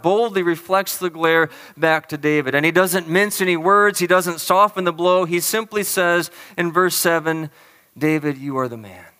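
A man preaching a sermon as a pastor, earnest and emphatic, stressing key phrases slowly. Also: high-pitched, bright, forceful tone, clean tone, in a large hall.

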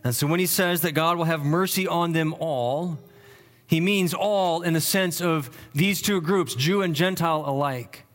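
A man's voice: a little high, measured pace. A pastor preaching an expository sermon, earnest and thinking aloud, often repeating words and lifting his voice to stress key phrases.

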